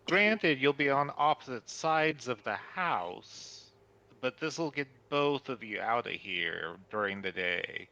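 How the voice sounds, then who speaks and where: A man's voice: mid-range voice, animated, slow, bright, forceful tone, highs cut off. A man speaking in character as a player in a tabletop game, bargaining in a casual, rambling way. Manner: bargaining, casual, filler-heavy. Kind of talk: in-character tabletop role-play.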